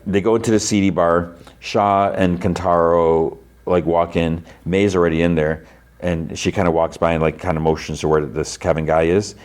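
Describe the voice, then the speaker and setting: Male podcast host, deep voice, loose rambling plot recap. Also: little pitch movement, moderate pace. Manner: rambling retelling peppered with "like".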